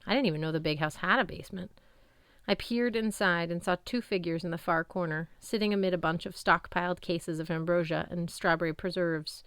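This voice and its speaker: Clear-voiced woman reading an audiobook. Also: fairly low pitch, a little fast, no echo. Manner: expressive, storytelling. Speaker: audiobook narrator. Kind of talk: first-person audiobook narration.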